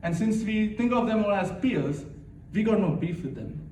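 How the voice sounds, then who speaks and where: Young man, high voice, self-mocking comic at an office party; echoey room, mic at a distance. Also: lively intonation, moderate pace, a little mellow, slight background noise. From India. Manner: chatty, self-mocking, laughs at his own jokes. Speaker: stand-up comedian at a work party. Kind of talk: stand-up comedy set.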